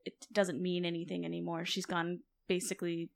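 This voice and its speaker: A woman playing a tabletop game, telling her character's story in an animated, expressive way. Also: fairly low pitch, fairly quick, vocal fry. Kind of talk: casual chat and role-play storytelling.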